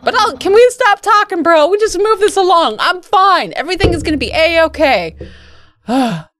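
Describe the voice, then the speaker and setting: A woman voicing a loud, vain, boastful skeleton man from a video game, in a brash theatrical way. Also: very high-pitched, lively intonation, moderate pace, background noise, voice pushed up. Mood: dramatic. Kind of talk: game dialogue read aloud in character.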